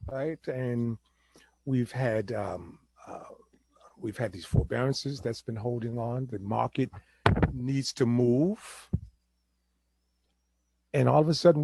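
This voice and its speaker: A man hosting a real estate talk show, explaining the housing market in casual chat and acting out buyers and sellers in quick asides. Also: medium pitch, gravelly, mellow, slightly rough, no room sound.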